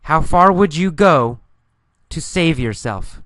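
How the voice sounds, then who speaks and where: Man teaching with slow, clear repetition. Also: a little high, animated, fairly bright tone, dry recording, studio quality. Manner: repeats lines slowly and clearly for learners. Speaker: English teacher. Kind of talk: mini-story listening lesson; guided story narration with instructions.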